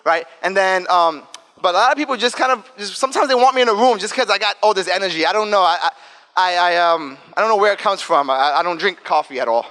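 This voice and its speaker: A man in his thirties from the South Bronx with an African American English accent, giving an energetic, talkative and joking casual talk to students. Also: high-pitched, quick pace. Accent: African American English, New York. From South Bronx, New York. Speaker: guest speaker. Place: school event room. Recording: long reverb hall.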